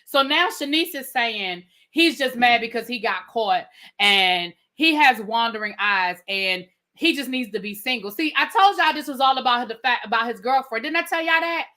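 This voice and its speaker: A woman reviewing reality TV live, talking straight to her chat in an indignant, animated way. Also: fairly high pitch, normal speed. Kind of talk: live-stream rant.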